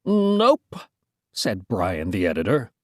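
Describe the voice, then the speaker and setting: A woman's voice: rumbling low, wildly swooping pitch, slow, a little mellow, no echo, studio quality. A woman reading a children's storybook aloud, playful, with joking asides to listeners.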